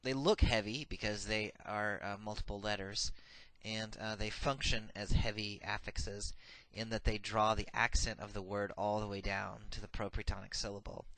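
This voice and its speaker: A man teaching a recorded grammar lesson, reciting verb paradigms slowly and methodically with frequent filler sounds. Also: lowish voice, little pitch movement, a bit bright, no echo, low-quality recording. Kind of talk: recorded lecture.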